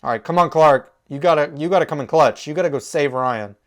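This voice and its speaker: A man hosting a reaction video, talking excitedly back at the characters on screen. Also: fairly high pitch, quick pace, slight background noise. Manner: animated, exclaims and talks to the characters.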